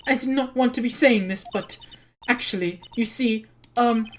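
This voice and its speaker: A woman voicing a nervous foreign woman witness who speaks halting, broken English. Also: fairly high pitch, a little hiss or hum, pitched above the performer's own voice, lightly acted.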